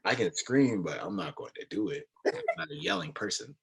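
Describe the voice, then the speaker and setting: Young male podcast co-host, quiet husky voice, laid-back storyteller. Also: huge pitch swings, a little fast. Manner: low-key, storytelling with laughs. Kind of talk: casual chat.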